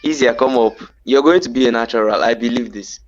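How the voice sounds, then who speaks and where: A man chats over a voice call, explaining slang with patient repeats and restarts. His voice sits at a medium pitch and sounds dry, with a dull, lo-fi quality. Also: a little fast, no echo. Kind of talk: casual chat teaching slang.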